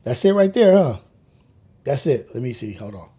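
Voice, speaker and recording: A man's voice: mid-range voice, very animated, normal speed, warm tone, breathy edge. A man in his forties hosting a casual morning show from home, loose and joking, who swears often and laughs a lot. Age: 40s. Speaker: podcast host.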